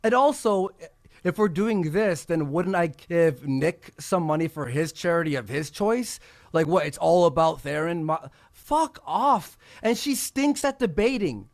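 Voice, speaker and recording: A man's voice: a little high, expressive. A man hosting a podcast who rants angrily and swears a lot. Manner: angry, profane, rapid ranting. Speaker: show host. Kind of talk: heated podcast rant.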